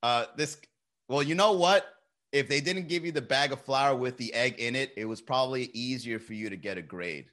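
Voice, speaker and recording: A man's voice: mid-range voice, moderate pace, a bit bright. A young man chatting casually on a live stream, telling loose, profane stories and laughing often.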